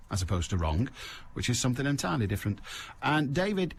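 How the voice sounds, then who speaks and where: A man's voice: mid-range voice, sing-song, fast, slight background noise. A man hosting a radio phone-in, blunt and wry, pushing callers along. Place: radio studio.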